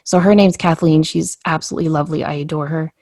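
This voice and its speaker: This woman talks fast in a voice that sits low, animatedly telling a personal story on a casual podcast and acting out the quotes. The studio sound is clean, with no room sound.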